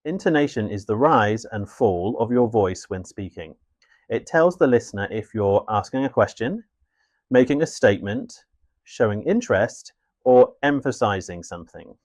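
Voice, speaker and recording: A man with a fairly low voice narrates a scripted English lesson. His delivery is clear, measured and instructive. The sound is dry and close, with no room around it. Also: expressive, darkish tone, dry recording. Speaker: English teacher.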